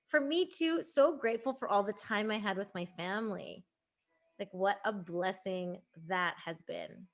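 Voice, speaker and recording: A woman's voice: fairly high pitch, a bit bright. A woman hosting a casual group video call, bubbly and laughing often as she reads out what others write in the chat.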